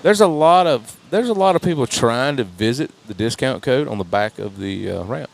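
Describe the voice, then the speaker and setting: A man co-commentating a live car race, chatty and quick to exclaim at surprises. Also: mid-range voice, animated, gravelly.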